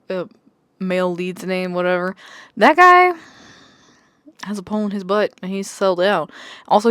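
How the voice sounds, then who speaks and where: A woman with a medium-pitched voice, recorded without echo, chats casually as a book vlogger about what she is reading. She is chatty and exasperated, swearing and laughing often.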